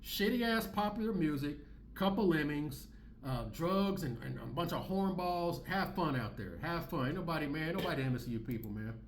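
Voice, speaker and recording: A man in his forties hosting his own channel, ranting in loud, profane, repetitive slang. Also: on the high side, lively intonation, normal speed, roomy sound, a little hiss or hum. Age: 40s. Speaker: commentary channel host. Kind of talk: ranting commentary.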